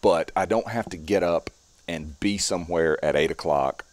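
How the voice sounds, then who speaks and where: Very deep-voiced man, calm and measured. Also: no room sound. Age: 40s. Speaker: strongman performer and speaker. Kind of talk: podcast interview.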